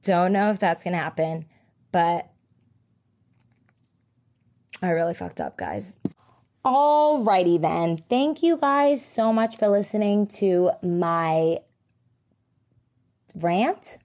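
A young woman hosting a casual solo podcast, telling stories in a chatty, animated way and swearing freely. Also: fairly low pitch, takes it slowly. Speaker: podcast host.

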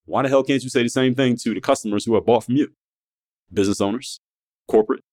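A man's voice: mid-range voice, quick pace, darkish tone. A man hosting a podcast, delivering a blunt, profane monologue full of rhetorical questions, speaking. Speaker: podcast host.

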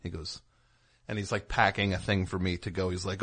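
In a low, level voice that runs a little fast and a bit bright, a man hosts a radio show. He rambles and cracks jokes, chatting off on tangents and plugging music in between.

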